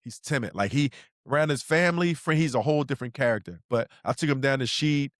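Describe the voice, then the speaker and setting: A man's voice: mid-range voice, fast, no echo, clean studio sound. A middle-aged man, telling slangy stories in a casual podcast chat as co-host. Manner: laid-back storyteller, slangy, acts out quotes.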